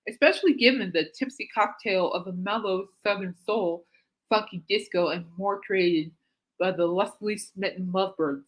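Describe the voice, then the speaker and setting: A woman hosting a casual podcast, reading music articles aloud and adding amused, giggly comments, snorting when she laughs. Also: mid-range voice. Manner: reads aloud then comments with amused asides. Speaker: podcast host.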